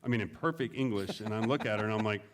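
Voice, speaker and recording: A man's voice: on the low side, quick pace. A middle-aged man, a veteran, telling stories in a casual way, often laughing and raising his voice to act out what others said. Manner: animated, laughing, acts out quotes in a raised voice. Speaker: veteran guest. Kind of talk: casual storytelling.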